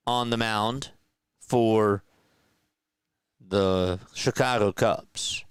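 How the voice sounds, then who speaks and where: Male play-by-play host, casual and chatty, smooth clean voice, dry close sound. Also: mid-range voice, lively intonation, unhurried, a bit bright, dry recording. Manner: casual, chatty, talks to viewers. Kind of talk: amateur play-by-play commentary with chat.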